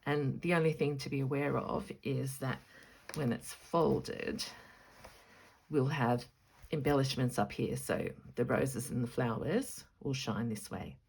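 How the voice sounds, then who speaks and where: A woman hosting a casual stitching vlog, excited, chatty and rambling as she shows her projects. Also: very deep voice, measured pace, vocal fry, husky. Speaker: stitching vlogger. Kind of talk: casual show-and-tell vlog.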